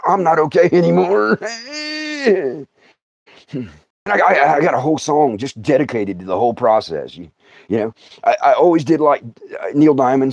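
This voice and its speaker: A middle-aged man telling a comic story on a livestream, stammering, laughing often and putting on voices. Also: mid-range voice. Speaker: comedian. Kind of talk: storytelling stand-up.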